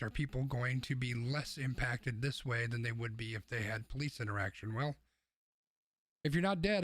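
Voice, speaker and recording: A man co-hosting a podcast, giving blunt, opinionated takes in casual discussion, sometimes swearing. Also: medium pitch. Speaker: podcast co-host.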